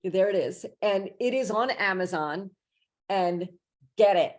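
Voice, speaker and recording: A woman's voice: medium pitch, a little slow. A woman hosting an interview over a video call, chatty, enthusiastic and effusive in her praise. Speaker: podcast host. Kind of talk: interview conversation.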